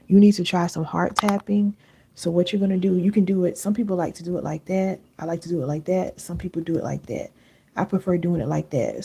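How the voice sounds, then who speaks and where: A woman's voice: lowish voice, vocal fry, dark tone, slightly rough. A woman hosting a live stream, talking earnestly and chattily to her viewers and calling them y'all, on a sensitive close mic. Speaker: wellness coach hosting a livestream.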